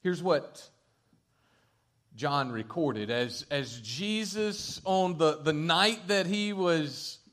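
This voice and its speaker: A man preaching a sermon in an earnest, halting way, often restarting his phrases as he goes. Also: on the high side, lively intonation, a bit bright. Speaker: pastor.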